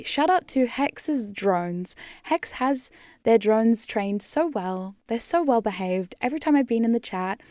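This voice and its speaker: A woman's voice: mid-range voice, darkish tone, no echo, studio quality. A woman ASMR streamer chatting casually on a live stream, giggly and rambling with casual swearing.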